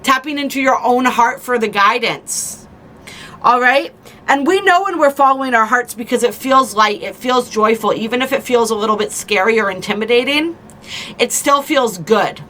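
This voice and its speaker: A woman hosting a spiritual card reading, talking casually and gently, laughing easily and slowing down to stress key points. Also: fairly high pitch. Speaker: spiritual reader and channel host.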